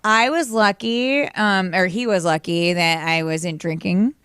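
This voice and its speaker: A woman's voice: fairly low pitch, unhurried, fairly bright tone, smooth, no room sound. A woman co-hosting a casual talk radio show, telling stories in a chatty way with lots of "like".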